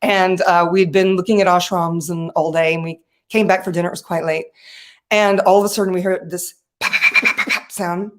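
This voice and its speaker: A woman's voice: fairly low pitch, fairly even intonation, a little fast. A woman speaking as a guest on a talk show, telling a personal story with animation, often laughing and acting out the voices of people she quotes. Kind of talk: conversational storytelling.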